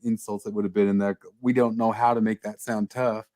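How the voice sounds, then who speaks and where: A man's voice: fairly low pitch, flat delivery, fairly quick, darkish tone, no room sound. A man hosting a casual podcast chat, blunt and opinionated, swearing freely. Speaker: podcast host.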